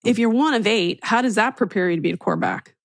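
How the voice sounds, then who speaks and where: A woman's voice: fairly high pitch, quick pace, no room sound. A woman hosting a podcast, reading an enthusiastic scripted intro and then interviewing a guest. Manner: enthusiastic, upbeat. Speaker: podcast host.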